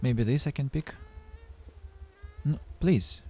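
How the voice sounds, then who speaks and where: Halting man streaming a game. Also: medium pitch, animated, dark tone, dry recording. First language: Russian. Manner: halting, stammering restarts, playful self-mocking. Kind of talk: casual game-stream chat.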